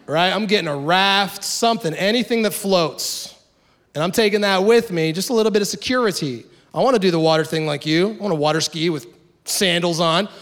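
Animated preaching man with a higher voice. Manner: conversational, animated preaching with acted asides. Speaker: pastor. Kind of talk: sermon.

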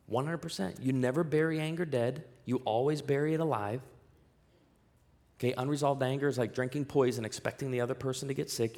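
A man, a pastor, preaching a sermon, telling a story and rising to loud, emphatic peaks. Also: medium pitch, gravelly.

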